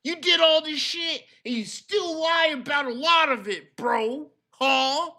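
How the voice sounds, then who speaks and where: Man, reaction streamer, angry shouting commentary, slow delivery, high voice.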